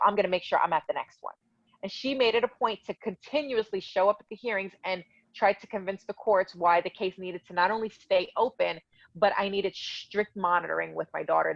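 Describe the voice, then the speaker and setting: A woman tells her own story in a casual interview, her voice on the lower side and her tone indignant and heated. The sound is dull and lo-fi. It is very dry, with no room at all. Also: vocal fry, dry recording. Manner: heated, indignant retelling with quoted dialogue. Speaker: guest telling her story.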